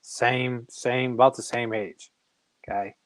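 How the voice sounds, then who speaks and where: A middle-aged man, a comic creator, telling casual anecdotes in an animated way and acting out other people's voices. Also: medium pitch, slow pace, no echo, rough recording. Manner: animated, acts out quoted voices.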